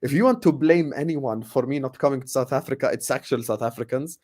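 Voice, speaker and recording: A man in his late twenties, a football channel host, doing a casual live Q&A with viewers. He talks in an animated way and often repeats his phrases. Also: medium pitch, brisk. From grew up partly in the UAE. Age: 20s.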